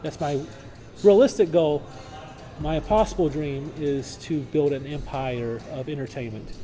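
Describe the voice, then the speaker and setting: A man's voice: a little high, unhurried, over music. A man who talks brashly and runs himself down, swearing freely, in a casual interview. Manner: brash, self-deprecating, swears. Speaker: comedy student.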